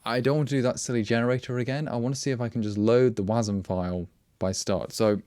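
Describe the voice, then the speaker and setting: A man's voice: medium pitch, steady tone, fast, a little mellow, no room sound. A man hosting a casual programming livestream, rambling and wry, often breaking off mid-word and restarting. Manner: rambling, self-interrupting, wry. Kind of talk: casual live coding chat.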